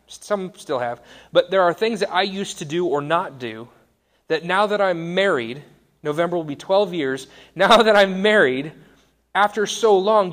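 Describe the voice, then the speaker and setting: A man's voice: high-pitched, a bit bright. A man in his thirties giving a conversational sermon, wry and self-deprecating. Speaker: pastor.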